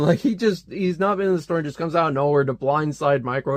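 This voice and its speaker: A man's voice: on the high side, fast talker. A man giving a chatty, amused, casual comic book review.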